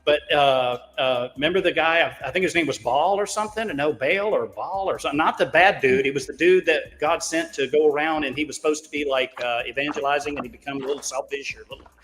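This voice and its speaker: A man with a fairly high voice, telling stories in a loose, folksy way. He swears freely and pokes fun at himself. The voice trails off into a long reverb. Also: fast talker, few pauses, a bit bright. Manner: profane, folksy and self-mocking. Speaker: caller on a crypto talk show. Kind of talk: casual rambling storytelling.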